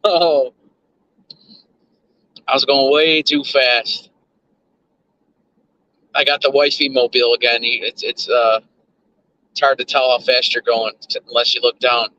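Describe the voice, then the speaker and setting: A man's voice: medium pitch, level tone, unhurried, long pauses, sharp tone, dull audio. A man chatting loosely to his stream chat while driving, repeating words and drifting between thoughts. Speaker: livestream host. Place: in a car.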